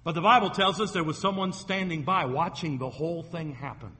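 A man's voice: a little high, brisk, pushed and bright, long reverb tail. A man preaching a sermon as a pastor, retelling scripture stories vividly and acting out the quoted voices.

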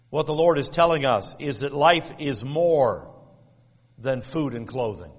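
A man's voice: mid-range voice, animated, slightly rough. Man preaching in a reverberant hall. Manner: measured, emphatic, repeats key phrases. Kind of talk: sermon.

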